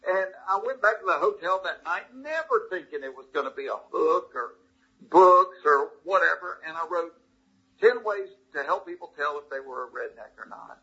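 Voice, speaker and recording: A middle-aged comedian from Georgia in the US South tells a story as an interview guest, folksy and good-natured, in a thick Southern drawl. His voice is fairly high, expressive, bright and forceful with a breathy edge, at a moderate pace, on slightly dull lo-fi audio.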